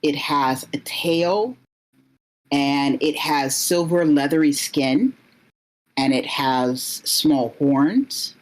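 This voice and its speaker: A woman narrating a story as she recounts a vision, halting and searching for words as she goes. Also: low-pitched, rough recording. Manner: halting, many fillers and restarts.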